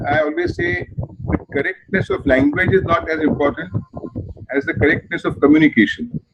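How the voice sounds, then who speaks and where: An older man with an Indian English accent, telling stories from his advertising and theatre career in an emphatic, animated way. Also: a little high, vocal fry. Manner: animated, emphatic, repeats phrases in threes. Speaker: advertising and theatre veteran guest. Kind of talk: reflective storytelling interview answer. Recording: muffled video call audio with noise.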